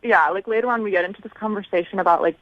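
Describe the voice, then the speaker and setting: A woman's voice: mid-range voice, racing, no room sound. A young woman calling in to a radio show, chatty and filling her talk with "like". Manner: chatty, heavy use of "like". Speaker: caller. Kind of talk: phone call on a radio show. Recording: muffled phone line.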